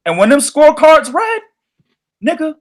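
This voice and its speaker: High-voiced, profane boxing podcast host. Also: male voice, normal speed. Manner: profane, animated storytelling. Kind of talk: casual boxing podcast chat.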